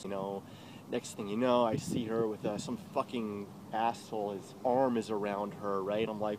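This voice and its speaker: A man's voice: fairly low pitch, fairly even intonation, moderate pace, background noise. A man telling a story in an agitated, profanity-filled rant, heard in an archived clip. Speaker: YouTuber. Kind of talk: ranting storytelling.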